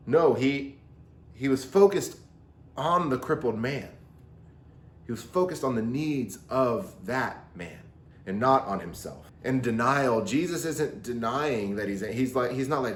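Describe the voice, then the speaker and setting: A man in a medium-pitched voice gives a youth Bible lesson with plenty of energy, often dropping into voices for the quotes he acts out. The sound carries a roomy echo, as if recorded in an open room. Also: animated, moderate pace.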